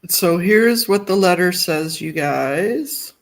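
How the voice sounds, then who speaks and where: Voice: medium pitch, lively intonation, takes it slowly. A livestream host in casual chat, thinking aloud while fumbling with files on a computer.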